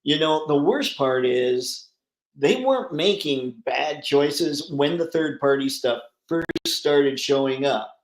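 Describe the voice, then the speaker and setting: A man's voice: a little high, lively intonation, takes it slowly, roomy sound, rough recording. A man hosting a casual live stream, chatting and reading out viewer comments with rambling, easygoing talk and easy laughs. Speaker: livestream host.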